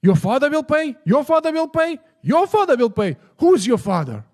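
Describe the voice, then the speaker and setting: A man putting on a guru yelling in mock fury. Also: very high-pitched, sing-song, normal speed, voice pushed up. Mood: mock furious. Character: comically furious male guru shouting at his priests.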